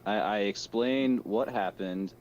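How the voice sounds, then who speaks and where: A man's voice: lowish voice, takes it slowly, darkish tone, lo-fi sound. A young man playing in a tabletop game, talking in a hesitant, stammering way. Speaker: player.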